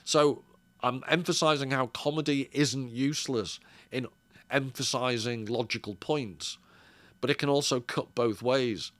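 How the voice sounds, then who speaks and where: A man giving thoughtful, unscripted commentary as a video essayist, pausing to correct and qualify himself as he goes. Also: mid-range voice, a bit bright, no echo. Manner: thoughtful, measured, hedging with self-corrections.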